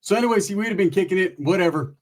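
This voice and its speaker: A man's voice: high voice, lively intonation, very fast. A man telling a rambling, crude comic story in a laid-back, profane way. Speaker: comedian.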